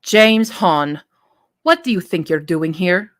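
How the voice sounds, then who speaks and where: A woman's voice: lowish voice, slow. A woman voicing a brusque, suspicious magical woman with a light Middle Eastern accent. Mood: demanding. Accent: attempted Middle Eastern. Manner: stern, suspicious questioning.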